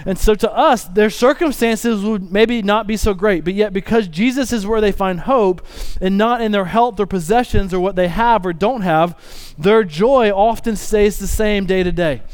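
A male pastor giving a conversational sermon, dropping lower and quieter when reading scripture. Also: moderate pace, smooth. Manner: conversational, restarts sentences, reads scripture more quietly.

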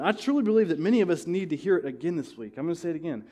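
A man's voice: fairly high pitch, lively intonation, rapid-fire, darkish tone. A male pastor preaching a sermon in a church, impassioned and emphatic, repeating key phrases. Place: church sanctuary.

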